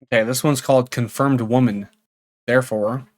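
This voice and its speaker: A mid-pitched man riffs sarcastically on creepy messages. He laughs often and swears casually, in a loose comedic commentary style. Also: lively intonation, moderate pace, fairly bright tone.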